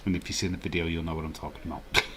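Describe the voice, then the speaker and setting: A man's voice: deep voice, flat delivery, rapid-fire, noisy background. A man hosting a casual live stream, rambling and chuckling while reading the chat. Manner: rambling, chuckling, chatty asides.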